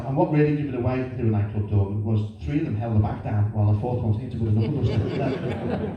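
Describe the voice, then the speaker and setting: A man's voice: fairly high pitch, muffled recording. Self-mocking man, echoey stand-up recording. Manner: lively, animated and self-mocking. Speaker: stand-up comedian. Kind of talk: stand-up comedy storytelling. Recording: echoey room, distant mic, faint noise.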